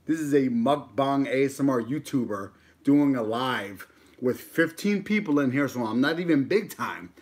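A man's voice: mid-range voice, expressive, normal speed. Laid-back joking man on a live stream. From United States. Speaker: mukbang YouTuber. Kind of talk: casual live-stream chat while eating.

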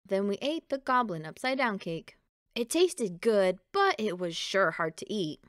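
A woman reading a children's picture book aloud in a gentle, expressive storytelling voice, close to the mic. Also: mid-range voice, normal speed, no echo. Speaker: storybook reader.

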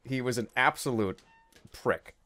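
A young man commentating a stealth game he is playing, jittery and excitable, with nervous laughs and yelps. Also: mid-range voice, a little slow. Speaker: gaming video host. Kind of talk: let's play commentary.

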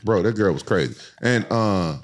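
A man in his forties, a podcast co-host, telling profane, animated stories in casual chat. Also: normal speed. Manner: animated, profane, jumps to high voices for quoted people. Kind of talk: casual storytelling.

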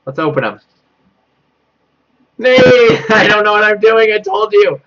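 A man's voice: expressive, a little slow, fairly bright tone. A young man streaming a horror game live, panicking, laughing nervously and repeating himself as he reads chat aloud. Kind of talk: live gameplay commentary. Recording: dull low-quality mic.

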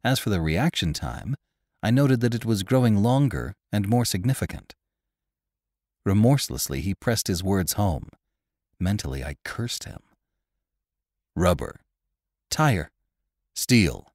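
Male podcast narrator, classic story reading, measured, expressive, lowish voice, dry close mic. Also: no echo.

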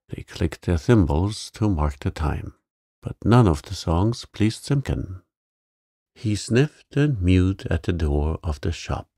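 A man reading a bedtime sleep story in a calm, soothing, gravelly voice. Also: deep voice, slow, no room sound, clean studio sound. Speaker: narrator.

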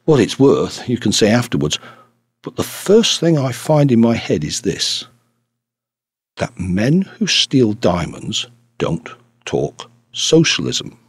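A man's voice: on the low side, very animated, takes it slowly, breathy edge, no echo, heavily acted. A man voicing a small, shrewd priest detective in an audiobook, speaking dryly and demurely. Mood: musing. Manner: dry, demure, quietly shrewd.

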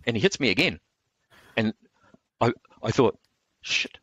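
A man, telling stories in a relaxed interview, rambling with lots of fillers and restarts. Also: medium pitch, measured pace, breathy edge. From New Zealand. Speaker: martial arts instructor.

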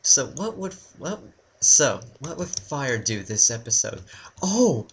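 A man doing casual gaming commentary as co-host, with a dry, deadpan delivery. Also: medium pitch, takes it slowly, husky. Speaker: co-host gamer.

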